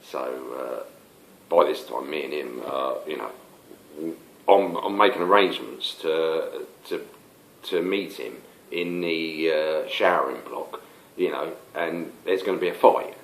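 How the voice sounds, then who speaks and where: An older man tells a rambling personal story. His voice sits low and keeps stopping and restarting. The room gives it a roomy, echoey sound. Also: a little slow, slight background noise. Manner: rambling, stop-start, many fillers. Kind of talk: casual spoken anecdote. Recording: roomy echo.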